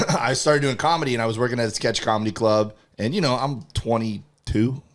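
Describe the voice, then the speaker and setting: A man's voice: medium pitch, a little fast. A man co-hosting a comedy podcast, laid-back and self-mocking as he tells a story. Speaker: podcast co-host. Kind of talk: casual comedic chat, storytelling.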